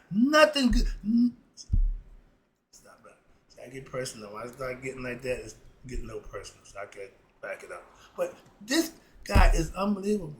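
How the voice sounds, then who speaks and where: High-voiced man on a heated rant. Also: rough recording. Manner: heated, sarcastic, rambling rant with repetitions. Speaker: philosophy commentator. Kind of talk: solo opinion monologue.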